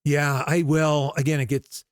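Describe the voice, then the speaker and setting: Appearing as a guest in an interview, a middle-aged basketball coach with a fairly high voice tells stories at a measured pace. He's an animated storyteller who acts out quoted dialogue, and the studio sound is clean with no echo.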